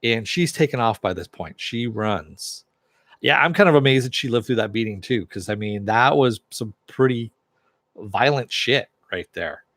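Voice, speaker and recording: A man's voice: mid-range voice, animated, moderate pace, a bit bright, dry recording. A man casually recapping a TV episode in a chatty way, chuckling and acting out characters' lines in a raised voice. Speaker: TV episode reviewer.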